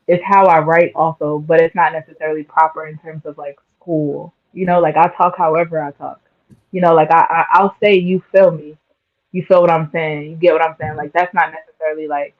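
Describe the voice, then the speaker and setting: A man in a casual conversation, talking in a slangy way with many "like" and "you feel me" fillers. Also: on the high side. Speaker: conversation partner. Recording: dull lo-fi sound.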